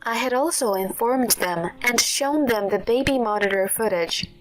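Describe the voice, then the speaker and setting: A woman with a slightly high voice narrates a dramatic personal story in a steady, scripted way. Faint background music plays under her reading. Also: normal speed, low-quality recording.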